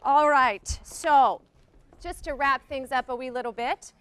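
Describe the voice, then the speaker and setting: High-voiced woman hosting a live event. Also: measured pace, a little hiss or hum. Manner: energetic, upbeat, emcee-like. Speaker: host. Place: performance hall, live audience.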